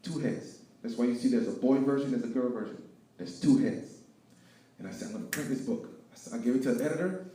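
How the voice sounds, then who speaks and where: A man telling his story of failure and faith as a speaker at an event, preaching with lively swings between loud and hushed. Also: mid-range voice, fast, a little hiss or hum. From Haiti. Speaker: guest speaker. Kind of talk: inspirational testimony talk. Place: event hall with live audience. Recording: echoey hall, picked up from far off.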